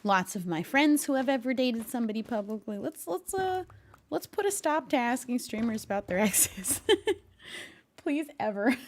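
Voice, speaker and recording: A woman's voice: a little high, lively intonation, moderate pace, a little hiss or hum. A woman streamer chatting casually with her live viewers, laughing often and talking to her cat between thoughts.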